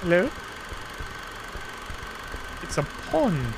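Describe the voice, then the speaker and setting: A woman's voice: fairly low pitch, huge pitch swings, very slow, pauses often, over loud music. A woman playing a horror game and commentating, jumpy and giggly, talking to herself. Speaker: game streamer. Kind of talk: let's-play commentary.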